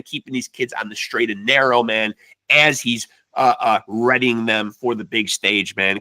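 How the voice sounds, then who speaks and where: A man's voice: mid-range voice, sharp tone, no echo. A man hosting a podcast in loose, profane casual chat, tacking "man" onto nearly every phrase. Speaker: podcast host.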